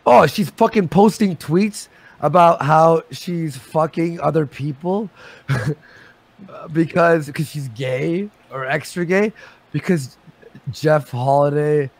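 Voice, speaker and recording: A man in his thirties arguing heatedly on a live stream, agitated and swearing, talking in quick bursts full of restarts. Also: a little high, creaky. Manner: agitated, swearing, rapid shifts in loudness.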